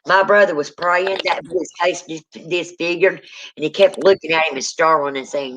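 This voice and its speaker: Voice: mid-range voice, normal speed, fairly bright tone, a little hiss or hum. A speaker, telling a true ghost story in casual spoken style and acting out the people in it. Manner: dramatic, acts out quoted people. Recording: dull lo-fi sound.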